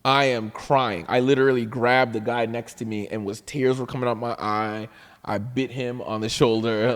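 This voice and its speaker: Canadian comedian guy telling a story all animated, doing everybody's voices, long reverb in the room. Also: mid-range voice, normal speed. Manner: animated, acts out quoted voices, laughs often. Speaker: comedian guest. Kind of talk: storytelling anecdote.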